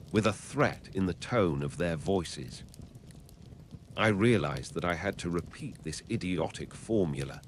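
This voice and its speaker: A man reading a classic novel aloud as an audiobook narrator, in a measured, even storytelling manner. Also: sits low, a little hiss or hum.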